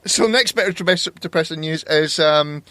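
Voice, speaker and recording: A man's voice: on the high side, normal speed, fairly bright tone, dry recording. A man co-hosting a podcast in casual chat, blunt and sardonic. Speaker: podcast co-host.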